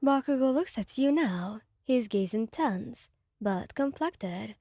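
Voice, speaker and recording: Woman narrator for a sad ASMR fan story; quiet, mellow, close and dry. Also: on the high side, expressive, slow pace, no echo.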